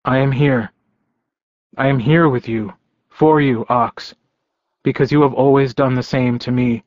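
A man's voice: mid-range voice, steady tone, a little slow, darkish tone, no echo, highs cut off, natural voice. A man reading an audiobook, voicing a young male werewolf who pleads desperately with his mate. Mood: remorseful. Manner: pleading, urgent.

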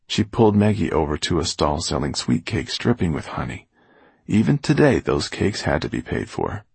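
A man narrating a novel aloud with expressive storytelling. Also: sits low, gravelly, breathy edge, no room sound. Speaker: audiobook narrator. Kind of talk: scripted narration.

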